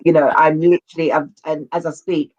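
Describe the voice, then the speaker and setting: Halting, animated talk show host. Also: mid-range voice, muffled recording. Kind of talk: casual interview chat.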